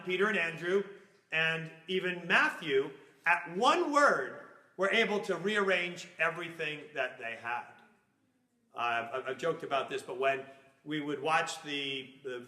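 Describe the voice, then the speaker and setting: A man teaching a Bible class, animated and acting out little scenes in funny voices as he explains. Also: fairly high pitch, roomy sound.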